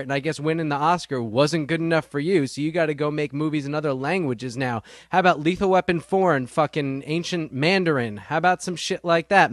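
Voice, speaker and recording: A man's voice: fairly high pitch, no room sound, studio quality. A man delivering a profane, sarcastic comedic rant straight to the listener. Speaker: comedic ranter.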